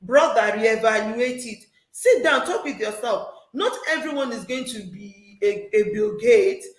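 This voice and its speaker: A middle-aged woman gives relationship advice in an animated, preaching manner, acting out what other people say. Her voice sits a little high. The room around her is noticeably echoey. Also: measured pace. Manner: animated, preachy, acts out quotes with laughter. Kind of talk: casual advice chat.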